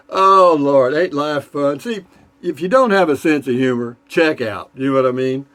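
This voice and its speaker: A man's voice: fairly high pitch, takes it slowly, long pauses, a bit bright. A man tells jokes in a loose, folksy, rambling way. He fills his talk with asides and stops to toast and sip a beer between jokes. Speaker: joke-telling vlogger. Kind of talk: casual joke telling.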